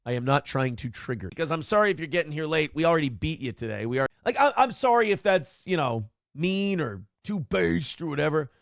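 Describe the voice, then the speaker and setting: A man's voice: fairly high pitch, big pitch swings, fairly quick, creaky, few pauses, dry recording, studio quality. A man hosting a live-streamed morning talk show, sarcastic and combative, over and over saying he is sorry. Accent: Upper Midwest American. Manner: repeatedly apologizing, sarcastic and combative.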